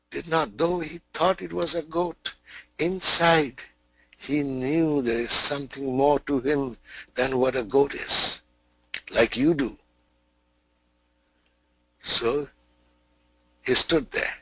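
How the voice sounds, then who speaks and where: A man gives a spiritual webinar and tells a parable, speaking emphatically and often repeating or restarting his phrases. His pace is slow, and his voice is bright and forceful. The sound is close and dry. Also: medium pitch, dry recording, low-quality recording. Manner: emphatic, repetitive, many restarts. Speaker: spiritual teacher. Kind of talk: webinar teaching with storytelling.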